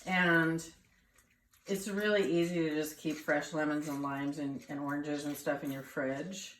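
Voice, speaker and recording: Slow easygoing woman cooking at home, bit wheezy, lowish voice, dishes clanking behind. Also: a little hiss or hum. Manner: chatty, relaxed, thinks aloud. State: wheezing, coughing now and then. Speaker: cooking show host. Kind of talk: casual cooking demonstration. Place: home kitchen. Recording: kitchen clatter behind.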